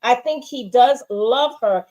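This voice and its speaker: A woman's voice: fairly high pitch, slow pace, warm tone, low-quality recording. Opinionated woman in a casual review chat. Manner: opinionated, emphatic, rhetorical "right?". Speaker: show co-host.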